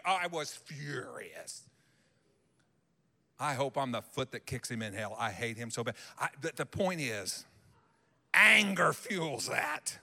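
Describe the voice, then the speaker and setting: A male pastor preaching a sermon in a church sanctuary, animated and emphatic, acting out what people say. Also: mid-range voice, slow pace, creaky, long pauses, in a large hall.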